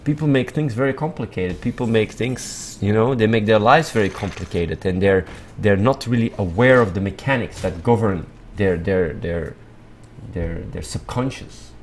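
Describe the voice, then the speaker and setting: Man, a streamer, rambling off the cuff with a low voice, blunt and sweary, with faint background hum. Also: normal speed. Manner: rambling, repetitive, lots of filler and restarts. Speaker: livestream host. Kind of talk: casual livestream monologue.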